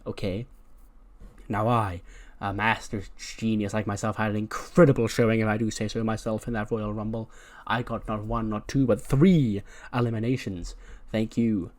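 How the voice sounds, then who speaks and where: A man's voice: fairly low pitch, a little mellow, natural voice. A man voicing a pompous, boastful male wrestler who calls himself a master genius and shushes everyone. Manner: pompous, shushes others, odd grammar.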